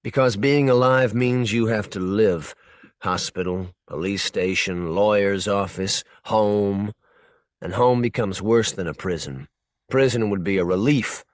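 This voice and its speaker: A man narrating a short story for an audiobook in a measured, intense second-person voice. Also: on the low side, no room sound, studio quality. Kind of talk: scripted narration.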